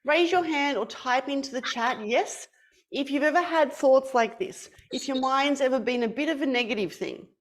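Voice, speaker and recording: A young woman teaching an online class for children, telling a story in an animated, playful, sing-song way. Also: sits high, normal speed.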